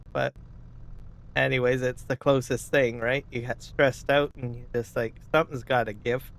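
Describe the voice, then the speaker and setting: A man's voice: mid-range voice, fairly bright tone. Rambling man chatting on a live stream. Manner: rambling, keeps asking "right?", clears throat often. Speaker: gaming streamer. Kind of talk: casual live-stream chat.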